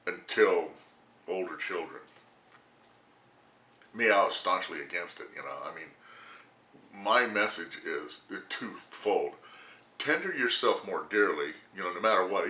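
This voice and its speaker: A man's voice: low-pitched, a little slow, long pauses, sharp tone, echoey room. Rambling, laughing man in his sixties. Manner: rambling, crude, laughs often. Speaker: vlogger. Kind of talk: casual rant to camera.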